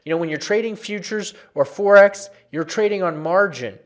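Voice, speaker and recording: A man walking viewers through trading charts in a lively, conversational lesson, often repeating phrases for emphasis. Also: high-pitched, normal speed. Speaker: trading educator.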